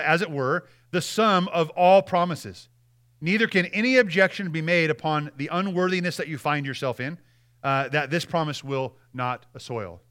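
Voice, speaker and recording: A male pastor preaching a sermon, earnest, reading quoted passages aloud with emphasis and dropping to a hush at key lines. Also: fairly high pitch. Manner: earnest, with repeated restarts and dramatic drops in volume.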